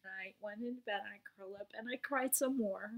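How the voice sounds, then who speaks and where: A young woman talking candidly in a personal vlog about a meditation practice, unguarded, laughing and swearing now and then, her voice often sinking to a soft near-whisper. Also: mid-range voice, quick pace, vocal fry. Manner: swearing and laughing as she talks. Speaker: vlogger sharing a meditation practice.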